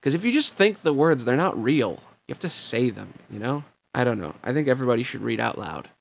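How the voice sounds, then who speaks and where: A man's voice: medium pitch, very animated, fairly quick, vocal fry. A man hosting a podcast where he reads a novel aloud, musing casually and self-deprecatingly on what he just read. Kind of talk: casual rambling afterthoughts.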